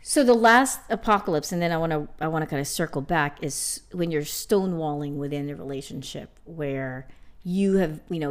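Podcast co-host, woman, lower pitch, conversational, keeps the discussion on track. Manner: steering the talk, frequent agreeing backchannels. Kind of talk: casual chat.

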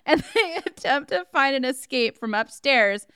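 A woman's voice: high voice, animated, measured pace, bright, forceful tone, no echo, clean studio sound. A woman co-hosting a podcast, recapping a movie's plot in a casual chat, with laughing, sarcastic asides. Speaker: podcast co-host.

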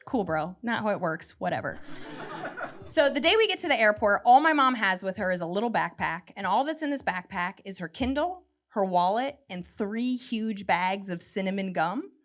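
A woman, performing a lively stand-up comedy set on a club stage with a handheld mic. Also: medium pitch. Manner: animated, jumps into quoted voices, quick asides.

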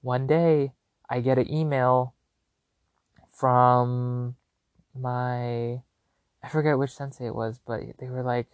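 A young man chats through a personal story on his own podcast, loose and animated, circling back with lots of fillers. His voice sits in an ordinary middle register, and the sound is dry and close with no room around it. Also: medium pitch, slow pace, long pauses, smooth, dry recording. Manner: animated, rambling, filler-heavy. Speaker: podcast host. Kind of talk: casual storytelling.

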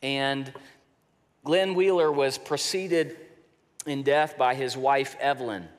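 Slow, deliberate preacher in a reverberant hall. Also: male voice, medium pitch. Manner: slow, deliberate preaching that drops soft for emphasis. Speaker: pastor. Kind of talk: sermon. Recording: long reverb of a large hall.

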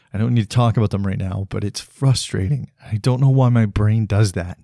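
A man in his thirties talks alone into the mic in a low, soft-edged voice with a mellow tone. He sounds blunt and frustrated, swearing often and stopping to restart his sentences. The sound is dry and close, with no room around it. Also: no room sound. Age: 30s. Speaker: podcast host. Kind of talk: solo podcast monologue.

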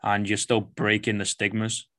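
Mancunian male fitness coach, low deep voice, blunt, lots of fillers and swearing; casual podcast guest. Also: monotone, normal speed, sharp tone. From Manchester, England. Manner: blunt, swears a lot, rambling with many fillers.

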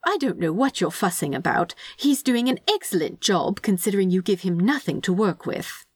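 A woman's voice: medium pitch, lively intonation, normal speed, slightly rough, no room sound. A woman reading aloud and voicing a fussy, doting male angel who tuts primly and stays unbothered. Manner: prim, tutting, affectionate.

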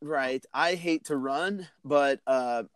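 A man's voice: mid-range voice, slow, clear, resonant tone, no room sound. A man hosting a podcast, talking in an earnest, rambling, motivational way. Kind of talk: casual chat.

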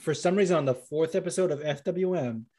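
A podcast host, a man with a slightly high voice. He chats casually and with energy, laughing and swearing as he goes. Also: fairly quick, warm tone, no room sound. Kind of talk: casual chat.

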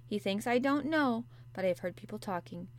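A woman's voice: medium pitch, expressive, a little fast, natural voice. A woman voicing a sickly, fretful young boy who talks in a half-whispered, anxious, insistent way. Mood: bitter.

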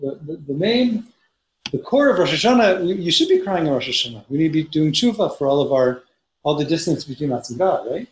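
A man's voice: on the high side, lively intonation, brisk. A man teaching a Torah study class, reading Hebrew passages aloud and explaining them in English with frequent restarts. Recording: roomy echo, faint noise.

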